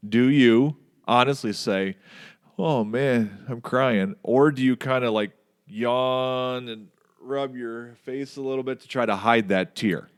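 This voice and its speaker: A middle-aged man hosting a casual podcast chat, telling stories with lively mimicry of people yelling. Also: measured pace, clear, resonant tone. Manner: animated storyteller, mimics yelling in a much higher voice.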